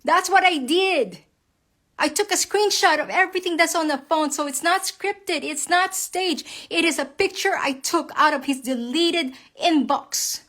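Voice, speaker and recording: A woman's voice: extremely high pitch, unhurried, fairly bright tone. A woman, very angry, giving a heated, profane rant to viewers about her husband. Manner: heated, profane, emphatic, addresses viewers as guys. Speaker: wife speaking out online. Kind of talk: angry personal rant to camera.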